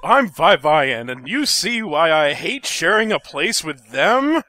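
A man's voice: a little high, big pitch swings, bright, forceful tone, heavily acted. A man doing a sour, insulting housemate. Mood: contemptuous. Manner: contemptuous, slow.

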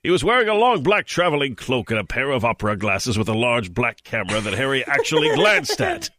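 A man's voice: medium pitch, wildly swooping pitch, brisk, bright, forceful tone, dry recording, clean studio sound. A man hosting a podcast, reading text aloud for comedy with mock drama and often breaking into laughter. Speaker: podcast host.

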